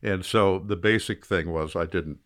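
Older man, very low voice, animated rambling storyteller, self-deprecating humor. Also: normal speed. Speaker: guest; fly fisherman. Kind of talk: storytelling in casual interview.

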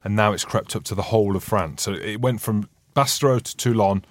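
A man's voice: on the low side, fairly quick. A man co-hosting a podcast, chatting casually with teasing, mock-dim banter. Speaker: podcast co-host. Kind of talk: casual chat.

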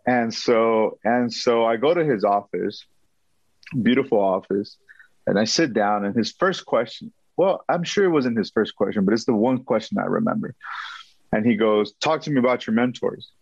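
A man telling a story as an interview guest, animated and acting out quotes, often repeating himself. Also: fairly low pitch, normal speed, vocal fry, breathy edge, no room sound, dull audio.

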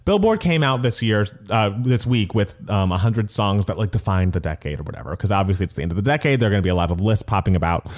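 A man co-hosting a casual podcast, chatty and animated, laughing often as he talks about movies and music. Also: lowish voice, fast, hardly any pauses. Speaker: podcast co-host.

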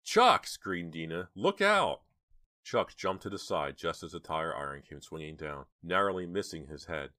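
A man narrating a horror audiobook in a steady, measured storytelling manner. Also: very deep voice, dry recording.

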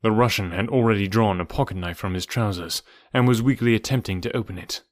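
A man narrates a novel in a measured, somber manner, with a voice that sits low in pitch. The recording is dry and close, with no room sound at all. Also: no echo. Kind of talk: audiobook narration.

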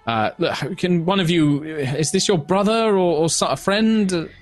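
A man's voice: sits high, unhurried, soft background music, pitched above the performer's own voice. A man doing a stern old wizard. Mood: reassuring. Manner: commanding, brusque.

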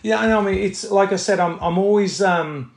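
Aussie guy, kinda high voice, telling set stories, echoey room. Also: brisk, gravelly. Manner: animated, acts out quotes, many fillers. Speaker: actor guest. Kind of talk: casual interview storytelling.

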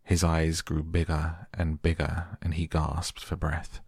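A man narrates a bedtime audiobook in a slow, soothing way. His voice is very deep and gravelly, and it stays flat and even. The sound is dry and close to the mic. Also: no echo. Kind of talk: soft bedtime audiobook reading.

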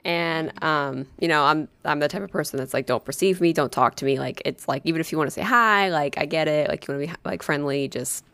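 A woman's voice: sits low, fairly quick, few pauses, pushed and bright, clear, resonant tone, dry recording. A young woman co-hosting a podcast, telling rambling, profane stories in casual chat with lots of fillers. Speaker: podcast co-host.

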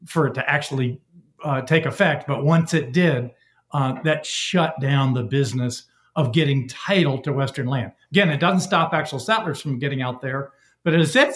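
A man speaking as a historian guest on a panel, explaining with lively everyday examples. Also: mid-range voice, roomy sound. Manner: animated storytelling with everyday examples.

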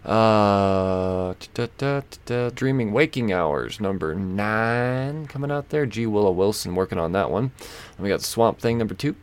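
A man's voice: fairly low pitch, lively intonation, a little slow, clean tone. A man hosting a solo podcast, chatting casually and rambling with lots of fillers, swearing and self-mocking asides. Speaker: podcast host. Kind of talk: casual solo comic-book podcast chat.

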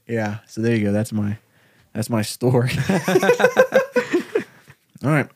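A man's voice: fairly low pitch, takes it slowly, darkish tone, a little hiss or hum. A man in a casual brainstorming chat who talks in a playful, slangy way and jokes boastfully. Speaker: co-writer brainstorming.

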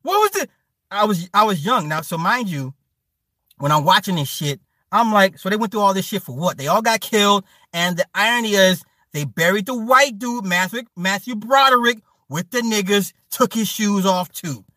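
Brief: man in his thirties, chatty stream host, bright, forceful tone, dry close sound. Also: high voice, normal speed, no echo. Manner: loud, profane, animated storytelling. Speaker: stream host reading chat. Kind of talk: casual chat.

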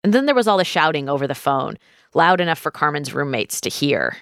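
A woman hosting a podcast, reading scripted narration in a measured, storytelling way. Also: deep voice, big pitch swings, fairly bright tone, dry recording, studio quality. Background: faint music.

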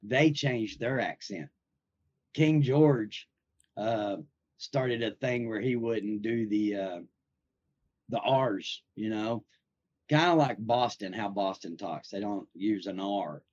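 Man, rambling, lower voice, muffled. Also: slow pace, darkish tone. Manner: rambling, filler-heavy storytelling. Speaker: podcast host. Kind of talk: casual podcast chat. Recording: slightly dull lo-fi audio.

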